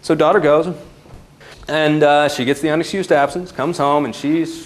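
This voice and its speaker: A man who works as a parenting counselor, telling a story to a live audience with animated shifts between loud and hushed delivery. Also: on the high side, moderate pace.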